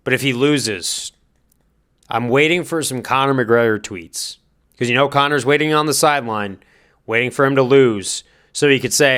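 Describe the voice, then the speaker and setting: A man's voice: mid-range voice, moderate pace, fairly bright tone, clean tone. A man giving casual spoken fight commentary, thinking aloud and hedging his guesses, then giving direct advice.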